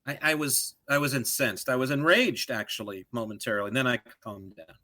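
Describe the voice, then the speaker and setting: A middle-aged man co-hosting a podcast in casual chat, digressive and animated, drifting into joke voices. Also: mid-range voice, brisk. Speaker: podcast co-host.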